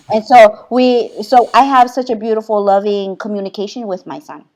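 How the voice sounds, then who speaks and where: A middle-aged woman from Hawaii, a spiritual healer, talking casually as a podcast guest, earnest and quick to laugh, with loose run-on phrasing. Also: mid-range voice, steady tone. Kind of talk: casual conversational storytelling.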